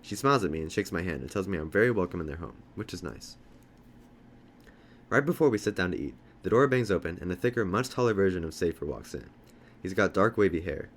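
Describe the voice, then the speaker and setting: Male audiobook reader, low voice, straightforward first-person narration. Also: animated, fast talker. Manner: plain first-person storytelling. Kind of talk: reading a novel aloud.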